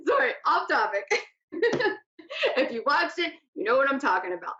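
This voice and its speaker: A woman's voice: high-pitched, big pitch swings, moderate pace, bright, forceful tone. Chatty woman hosting a spiritual talk show. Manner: chatty, laughs easily, wanders off topic. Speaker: psychic radio host. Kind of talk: casual spiritual teaching talk. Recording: echoey lo-fi room sound.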